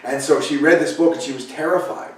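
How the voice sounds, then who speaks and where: Older man, pastor, chatty storytelling sermon, slightly raised pitch, echoey room, mic at a distance. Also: brisk. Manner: storytelling, chatty asides and restarts. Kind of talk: conversational sermon. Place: church sanctuary, echoey room.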